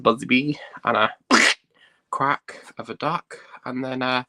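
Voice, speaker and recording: A man's voice: medium pitch, moderate pace, background noise. A man hosting a casual unboxing vlog, chatting and thinking aloud with lots of "right" and "um". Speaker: host.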